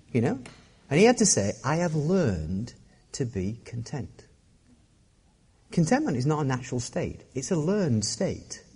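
A middle-aged male pastor preaching a sermon with a mellow, slightly husky voice. His pitch rises and falls in a lively way as he jokes at his own expense. The sound carries a long reverb from a large hall. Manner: self-deprecating, joking, animated delivery.

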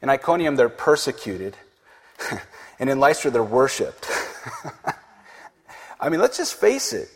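A man delivers a casual sermon in a big hall, and his voice rings with a long reverb. His tone is a little husky, and he keeps chuckling and acting out the voices of the people he quotes. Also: mid-range voice, big pitch swings, takes it slowly, pauses often. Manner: conversational, laughs often, acts out quoted speech. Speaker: pastor.

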